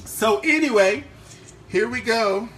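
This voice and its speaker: A man's voice: extremely high pitch, slow pace, fairly bright tone, slight background noise. A man from Maryland's Eastern Shore with a hint of its accent, chatting casually with viewers while cooking in his home kitchen. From Eastern Shore of Maryland, USA. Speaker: host of a live cooking stream. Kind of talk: casual live-stream cooking chat.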